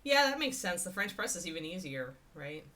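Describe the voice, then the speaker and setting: Chatty woman with a bright, lively voice. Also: lowish voice, brisk. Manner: chatty, rambling, talks to the chat and her dog. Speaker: host of a miniature painting livestream. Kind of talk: casual livestream chat.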